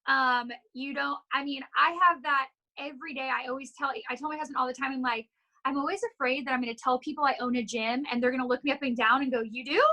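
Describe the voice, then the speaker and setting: A woman's voice: high-pitched, steady tone, fast, sharp tone, dull audio. A woman in her thirties, a gym owner and trainer, candidly telling stories and encouraging in a casual interview. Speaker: gym owner and fitness instructor, guest.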